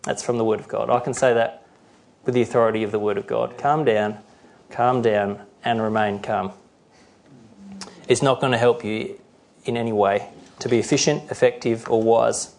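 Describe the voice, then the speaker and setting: A man's voice: medium pitch, fairly even intonation, brisk, gravelly, darkish tone, slight background noise. A middle-aged male pastor preaching a sermon earnestly, sometimes acting out the voices he quotes.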